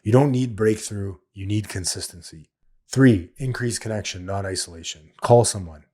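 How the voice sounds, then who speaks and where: A man's voice: on the low side, normal speed, warm tone. A man hosting a solo recovery podcast, talking in an earnest, plain-spoken way and repeating his key points. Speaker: podcast host.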